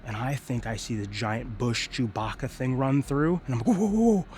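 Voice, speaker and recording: A young man in the middle of a vlog, talking casually with lots of fillers and slang. His voice sits in an ordinary middle register. When he acts out quoted lines, he suddenly jumps up in pitch and loudness. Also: normal speed, a little hiss or hum. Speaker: vlogger.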